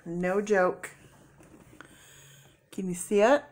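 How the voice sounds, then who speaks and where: Woman, middle-aged, tearful, low-ish voice, casual tarot reading, emotional exclamations. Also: steady tone, unhurried, slight background noise. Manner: emotional, exclaiming, thinking aloud. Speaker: tarot reader.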